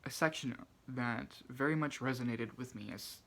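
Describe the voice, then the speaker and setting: Reading out favourite book quotes and explaining their meaning to him, this book channel host speaks softly in a mid-range voice at normal speed. He comes across as shy and hesitant, often stopping to restart a phrase and filling gaps with ums and uhs.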